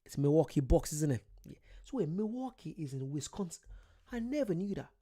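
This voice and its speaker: A man's voice: on the high side, very animated, fairly quick, warm tone. Chatty man live-streaming late at night. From United Kingdom. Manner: chatty, greets viewers by name, laughs often. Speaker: channel host. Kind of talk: casual live-stream chat.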